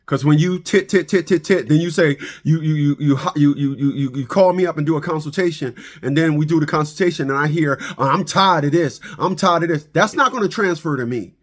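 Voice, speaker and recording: A man's voice: fairly high pitch, brisk, hardly any pauses. A middle-aged man giving a preachy monologue about fathers and child support, often stammering and repeating words as he restarts. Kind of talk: animated monologue to camera.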